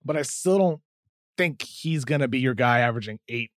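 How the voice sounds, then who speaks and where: Male podcast co-host, mid-pitched, dry sound, quick stat-heavy analysis. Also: animated, no room sound. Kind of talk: casual basketball analysis.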